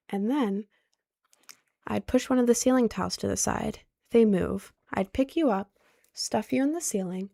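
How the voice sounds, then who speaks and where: A woman voicing an obsessive, threatening young man in a hushed whispered role-play. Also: on the high side, vocal fry, no room sound, clean studio sound.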